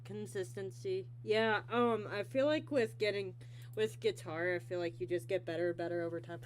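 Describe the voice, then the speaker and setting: A woman's voice: medium pitch, moderate pace. A woman hosting a casual interview show, rambling and giggly, teasing herself as she talks.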